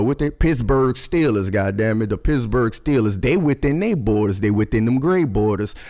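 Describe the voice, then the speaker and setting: A man rants about hidden symbols, cursing at nearly every turn and calling out to his viewers. His voice sits at an ordinary middle pitch, loose and excitable rather than polished. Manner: profane, excitable, talks to viewers as y'all, swears constantly. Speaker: conspiracy commentary host. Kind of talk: profane rambling commentary over logos.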